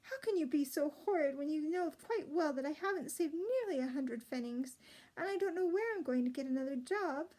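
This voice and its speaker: A woman's voice: high voice, animated, normal speed, hardly any pauses, dark tone, voice pushed up. A woman doing a tearful spirited young princess. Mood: flaring. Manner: emotional, sobbing and flaring.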